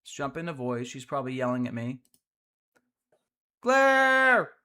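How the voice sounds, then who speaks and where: Commenting casually on his mobile strategy game livestream, this host talks through team builds and reads out messages from viewers, using relaxed fillers. He speaks quickly with a medium-pitched voice and fairly even intonation.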